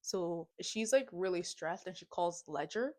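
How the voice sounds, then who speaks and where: A woman's voice: lowish voice, expressive, measured pace. A young adult woman vlogging a casual movie recap and reaction, slangy and dramatic, with comic asides.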